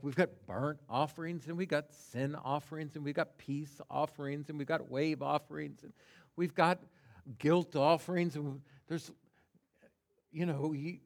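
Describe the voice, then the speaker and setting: This is a pastor's sermon, given by a man whose voice sits on the high side. He is emphatic and deliberate, moving from hushed speech to loud cries while stressing particular words.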